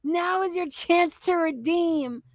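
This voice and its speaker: A woman's voice: very high-pitched, slow, no room sound. A young woman hosting a reaction commentary video, ranting in a profane, exasperated and mocking way. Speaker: commentary channel host.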